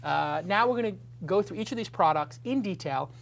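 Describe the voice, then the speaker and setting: A man's voice: sits high, animated, fairly quick, vocal fry, fairly bright tone, a little hiss or hum. A man hosting a casual studio talk show, chatty and rambling, with jokey self-deprecating asides.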